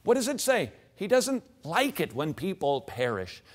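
A man's voice: high voice, huge pitch swings, measured pace. A middle-aged man teaching from the Bible on a show, reading scripture aloud and dropping in jokey asides.

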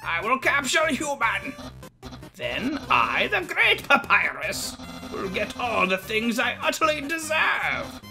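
A man voicing a loud, boastful skeleton in a high shouting cartoon-villain voice. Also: wildly swooping pitch, takes it slowly, gravelly, music in the background, heavily acted. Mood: grandiose.

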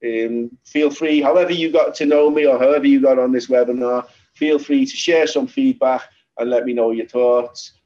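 On slightly dull lo-fi webinar audio, a man with a Liverpool accent speaks at normal speed in a mid-range voice. He's hosting a trading session, going over charts informally, repeating himself and telling lively stories.

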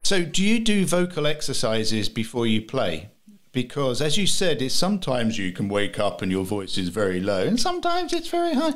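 A male podcast host asks short questions over a video call. His pitch moves a lot as he talks. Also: sing-song, normal speed. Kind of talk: casual video call interview.

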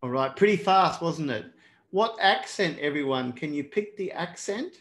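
A man's voice: on the high side, expressive, moderate pace, fairly bright tone. A man teaching a live online exam prep class in a casual, chatty way, often calling out to everyone. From not British. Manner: chatty, keeps addressing everyone.

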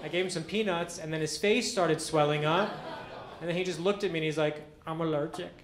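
A man performing a stand-up comedy set on a club stage, telling deadpan stories with acted-out quotes. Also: fairly high pitch, fairly quick. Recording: echoey club with audience noise. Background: audience laughter.

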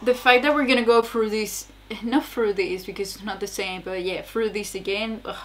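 A woman's voice: medium pitch, steady tone, moderate pace, a little hiss or hum. A young woman casually reacting aloud to a TV episode, exclaiming, swearing and laughing between remarks. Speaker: reaction video host.

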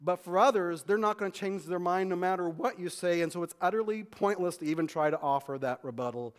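A man pastor preaching a sermon in a conversational way, often restarting and repeating words. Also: high-pitched. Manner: conversational preaching, acts out quick back-and-forth dialogue.

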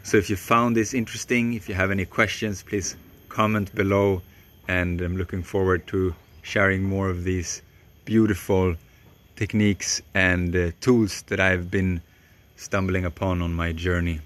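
A man calmly explaining voice techniques in a reflective spoken lesson, pausing often. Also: low voice. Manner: slow, calm and reflective, with pauses. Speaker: voice coach.

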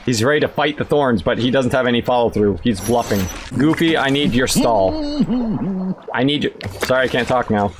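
A man streaming video games, giving sarcastic, excitable commentary that bursts into shouts. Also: medium pitch, quick pace, background noise. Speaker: gaming streamer. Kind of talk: casual gameplay commentary.

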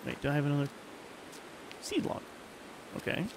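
A man's voice: fairly high pitch, sing-song, moderate pace, noisy background. A man streaming a puzzle game, rambling and self-mocking while reading game text aloud. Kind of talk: casual game commentary.

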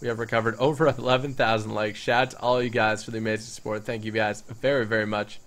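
A man giving playful let's-play commentary on a survival game, excitable and bursting into loud yelling at the game. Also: lowish voice, fast talker. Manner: playful, jokey. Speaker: gaming YouTuber.

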